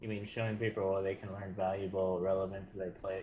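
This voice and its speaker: A man's voice: low-pitched, level tone, fast, hardly any pauses, dark tone, husky. A man chatting casually while playing a game with a friend, rambling with hesitations and jokes. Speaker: fellow player. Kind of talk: casual gameplay chat.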